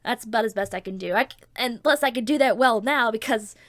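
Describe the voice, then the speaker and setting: A woman's voice: a little high, fast talker, dry recording. Vlog host, woman with a cold-stuffed nose; eager, rambling, dry close sound. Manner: chatty and excitable, many fillers and restarts. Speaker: channel host. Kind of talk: casual Q&A vlog.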